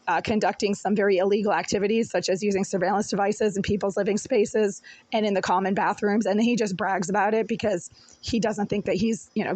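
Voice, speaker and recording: Indignant woman with a rough voice. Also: mid-range voice, a little mellow, poor audio. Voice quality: rough, smoker-like voice. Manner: indignant, repetitive, accusatory. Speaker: tenant recording a complaint. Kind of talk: angry recorded rant and voicemail. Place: small apartment indoors.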